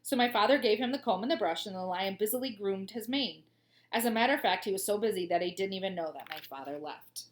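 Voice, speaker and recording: A woman, a teacher, reading a children's storybook aloud with expressive voices and gushing asides. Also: medium pitch, fast talker.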